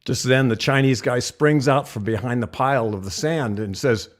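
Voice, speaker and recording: A man's voice: medium pitch, normal speed. A man co-hosting a casual chat show, telling jokes with a laid-back, chuckling manner. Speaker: co-host.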